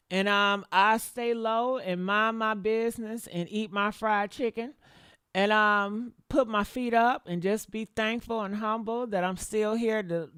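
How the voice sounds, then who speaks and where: A woman's voice: fairly high pitch, fairly bright tone, clean tone, dry recording, studio quality. A woman giving blunt, profane, sassy commentary on a livestream, calling her listeners honey. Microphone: desktop mic.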